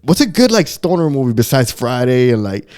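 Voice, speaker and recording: A male podcast co-host chatting casually, rambling and animated, with frequent swearing. His voice sits at an ordinary, middling pitch for a man. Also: a little fast. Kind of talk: casual chat.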